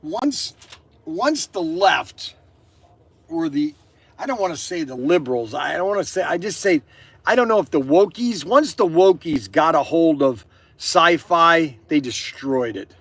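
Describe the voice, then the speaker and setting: Chatty older man with a high, bright voice. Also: animated, a little slow, slightly rough, no echo. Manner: chatty, opinionated, laughs a lot, restarts sentences. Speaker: toy shop owner and channel host. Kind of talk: rambling casual monologue. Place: inside his store.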